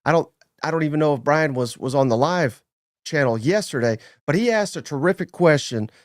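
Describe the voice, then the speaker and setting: Male sports podcast host, lively and teasing, slightly high voice. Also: a little fast, no room sound, studio quality. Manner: energetic, shouts out channel members, teasing. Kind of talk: casual sports chat.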